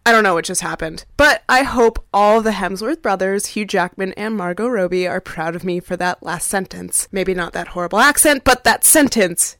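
A woman's voice: medium pitch, normal speed, few pauses, a bit bright, no room sound, studio quality. A woman in her thirties telling a playful, self-mocking story about a puzzling phrase. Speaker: contributor sending in a question. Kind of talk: scripted monologue.

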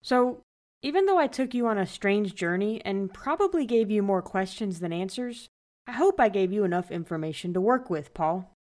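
A woman's voice: medium pitch, lively intonation, normal speed, darkish tone. A woman hosting a podcast, reading scripted narration about the origin of an idiom. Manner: laughing at her own flubbed words in outtakes. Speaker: podcast host.

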